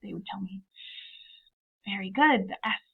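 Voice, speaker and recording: An upbeat woman teaches a lesson one step at a time, voicing both sides of her classroom exchanges. Her voice sits at an ordinary middle pitch. The sound comes through thin and narrow, like a phone line. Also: moderate pace, creaky, slightly rough. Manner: upbeat, models student dialogue step by step. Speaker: teacher trainer. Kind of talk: instructional video lesson.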